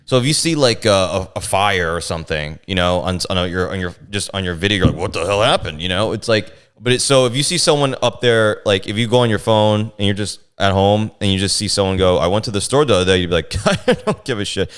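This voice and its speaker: A man's voice: lowish voice, fast talker, few pauses, clear, resonant tone. A man, a comedian, telling stories about heckled shows in casual chat, acting out the other voices as he goes. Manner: animated, acts out voices in his stories, profane. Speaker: comedian guest.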